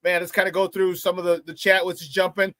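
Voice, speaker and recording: A man hosting a morning sports talk show, hyping up viewers in a playful, lively way and often breaking into laughter. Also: sits high, fast talker, no room sound. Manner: hype, playful, talks to the chat and laughs often. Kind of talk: upbeat morning show chat.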